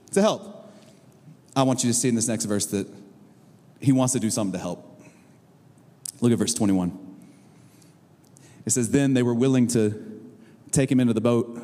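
A middle-aged man preaching a sermon, telling stories with a lively, animated delivery that swings from booming highs to low, drawn-out lines. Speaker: pastor. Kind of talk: sermon with storytelling. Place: church auditorium. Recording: long reverb of a large hall.

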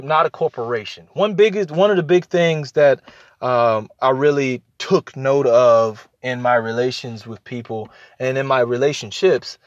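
A man's voice: medium pitch, no room sound, muffled recording. A man talking casually about listening in relationships, repeating his points and acting out little exchanges as he goes. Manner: conversational, repeats phrases for emphasis, acts out quoted exchanges. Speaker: podcast host. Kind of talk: casual advice talk.

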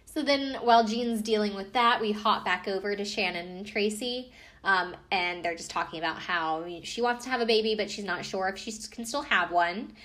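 A woman's voice: mid-range voice, normal speed, a bit bright. Chatty woman rambling through a recap. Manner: chatty, rambling, many fillers and asides. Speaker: podcast host recapping a TV show. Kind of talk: casual chat.

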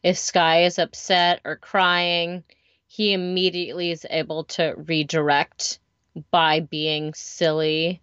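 Lowish smooth woman voice, supportive co-host, kinda dull lo-fi sound. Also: level tone, slow pace, a bit bright, no room sound. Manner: supportive, affirming. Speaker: podcast co-host. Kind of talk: casual chat.

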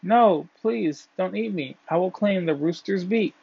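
A man voicing frightened creatures and things, raising his voice high as they beg for mercy. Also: unhurried, gravelly, a little hiss or hum. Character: frightened pleading stick, dog, lamb and grass. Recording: dull, dry, lo-fi.

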